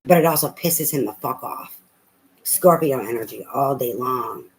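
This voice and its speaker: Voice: medium pitch, expressive, normal speed, slight background noise, low-quality recording. A tarot reader giving a casual reading, talking bluntly and emphatically with a lot of profanity and repetition.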